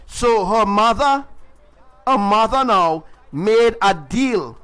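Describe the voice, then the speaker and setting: A man's voice: high-pitched, animated, takes it slowly, a bit bright, smooth, faint music behind. A man giving a livestreamed spiritual testimony, emphatic and repetitive, often adding "right?". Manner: repetitive, emphatic storytelling with tag questions. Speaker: self-styled spiritual preacher. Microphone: livestream mic.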